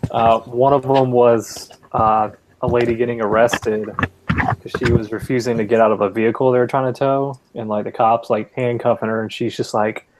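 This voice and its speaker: A man's voice: mid-range voice, level tone, moderate pace, noisy background. A man chatting casually in an online voice chat, laid-back and conversational.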